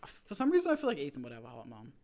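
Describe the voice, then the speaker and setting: A man's voice: mid-range voice, wildly swooping pitch, rapid-fire, creaky, warm tone. A young man in his twenties, hosting a stream and rambling through a story with lots of fillers and restarts. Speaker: streamer host. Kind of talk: casual chat.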